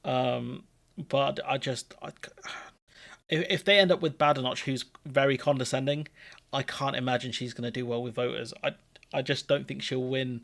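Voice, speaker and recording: A man co-hosting a live stream, chatting casually and giving relaxed, opinionated political commentary. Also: mid-range voice, moderate pace, creaky.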